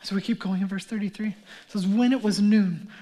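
A man with a very high voice delivers a sermon as pastor. He acts out mocking crowd voices, then drops to a hush before rising to a shout. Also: fairly even intonation, brisk. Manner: swings from hushed whispers to shouting.

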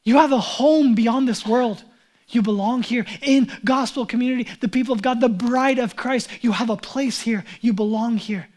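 A man's voice: very high-pitched, moderate pace, darkish tone. Casual conversational male pastor preaching. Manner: casual and conversational, heavy use of "like"; acts out Bible characters in quoted speech. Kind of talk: sermon.

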